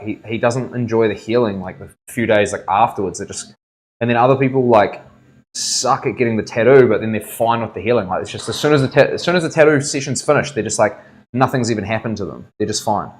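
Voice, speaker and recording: A young man, a tattoo artist chatting casually on a stream and telling rambling stories full of slang. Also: medium pitch. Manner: laid-back, rambling storyteller full of "like", "bro" and "eh". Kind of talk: casual chat.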